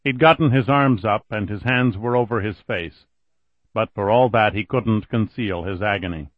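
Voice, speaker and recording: A man narrating an audiobook in a steady, even reading voice, on a dull lo-fi recording. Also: fairly low pitch, normal speed, no room sound. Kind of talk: scripted narration.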